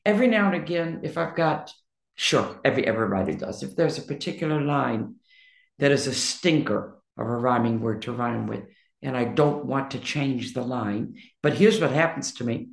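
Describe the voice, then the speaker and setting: A woman answers interview questions in a blunt, emphatic, outspoken way. Her voice is rough and gravelly, with a clear fry to it. The room adds a noticeable echo around her. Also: rumbling low, animated, normal speed. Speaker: interview guest, poet and songwriter. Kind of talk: candid conversational interview.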